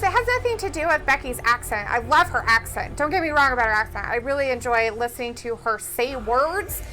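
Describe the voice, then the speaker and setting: Bright high-voiced chatty woman co-host. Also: rough recording. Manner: chatty, giggly, frequent laughs. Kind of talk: casual live-stream chat, reading viewer comments.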